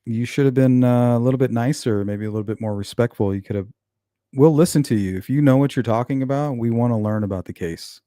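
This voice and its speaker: A man's voice: mid-range voice, fast, warm tone, dry recording, studio quality. A man hosting a casual true-crime livestream, reading comments out and answering viewers in a blunt, sarcastic way. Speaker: true-crime channel host.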